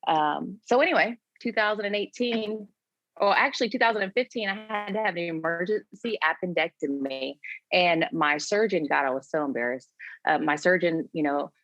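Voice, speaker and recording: Woman in her 40s from florida, low-ish voice, chatty and candid, dull dry sound. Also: normal speed, no room sound. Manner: candid, conversational, quotes herself in lively voices. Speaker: guest. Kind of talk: casual interview storytelling.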